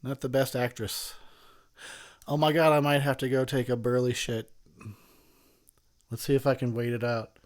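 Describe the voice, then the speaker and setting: A man's voice: medium pitch, flat delivery, normal speed, long pauses. A man who is drunk, giving a rambling, profane film commentary between frequent laughs. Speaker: commentary host.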